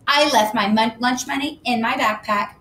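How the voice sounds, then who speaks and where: A shrill, snooty little schoolgirl who flares up fast and talks back loudly, as a woman reader puts her on. Her voice jumps high and bright above the reader's own. The audiobook sounds roomy, with a faint rumble behind. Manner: snooty, indignant, loud. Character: snooty young schoolgirl, quick to anger. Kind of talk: audiobook reading.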